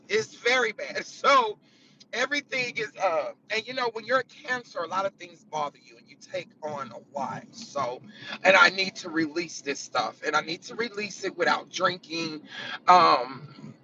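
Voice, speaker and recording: A woman's voice: mid-range voice, pushed and bright, a little hiss or hum. A woman content creator chatting candidly and profanely in a casual vlog from a car, laughing often. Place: in a car on the way to work. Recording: dull lo-fi sound.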